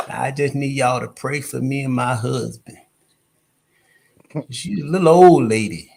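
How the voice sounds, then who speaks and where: A man's voice: mid-range voice, gravelly, breathy edge, full character voice. A man doing a drawling Southern church lady comic. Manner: slow drawling storytelling. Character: Southern churchgoing woman comedian telling a story.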